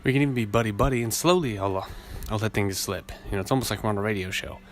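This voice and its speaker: A man with a naturally low voice hosting a casual solo podcast, rambling and laid-back, swearing often. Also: rapid-fire, slight background noise. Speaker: podcast host. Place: outdoors in a city, weed whacker nearby.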